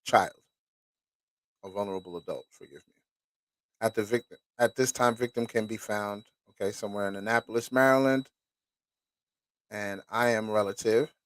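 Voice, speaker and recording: A man's voice: on the low side, dry recording. Casual man reading documents aloud. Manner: casual, profane, pauses to react. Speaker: host.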